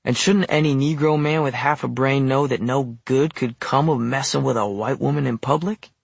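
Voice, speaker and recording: Male audiobook narrator, gravelly, husky, wry measured telling. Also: mid-range voice, no room sound. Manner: measured, wry first-person storytelling.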